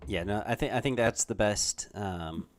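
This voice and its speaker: Host, laid-back and rambling, low voice. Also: male voice, moderate pace. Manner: easygoing, rambling with many fillers and restarts. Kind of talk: casual livestream chat.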